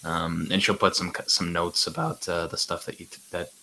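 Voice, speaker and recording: A man playing a tabletop game, narrating his character's actions in a halting, chatty way. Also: sits low, steady tone, bright, forceful tone, a little hiss or hum, rough recording. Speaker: player.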